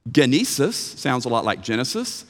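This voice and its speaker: A man preaching a sermon, swinging between hushed, slow phrases and loud, emphatic bursts. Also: mid-range voice, wildly swooping pitch, in a large hall.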